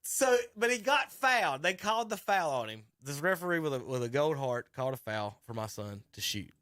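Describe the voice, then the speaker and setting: Rambling radio host, dry studio. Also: male voice, on the high side, fairly quick, no echo. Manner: rambling, animated storyteller who restarts sentences. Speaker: sports talk radio host and youth basketball coach. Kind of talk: casual radio chat narrating a video clip.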